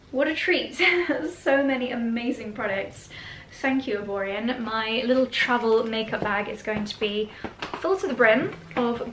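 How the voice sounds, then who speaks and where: A woman's voice: a little high, a bit bright, slight background noise, rough recording. A woman hosting her own vlog, chatting casually and gushing as she unboxes gifts. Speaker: vlog host.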